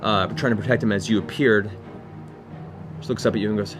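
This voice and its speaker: A man's voice: fairly low pitch, fairly even intonation, brisk, over music. A man narrating a tabletop game as game master, in a loose, descriptive way.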